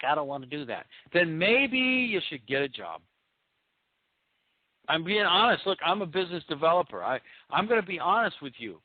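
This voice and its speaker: A man's voice: fairly high pitch, no echo. A man hosting a business podcast, talking emphatically with rhetorical questions and repeated points. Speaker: podcast host. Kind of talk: motivational business talk. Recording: tinny phone-like lo-fi sound.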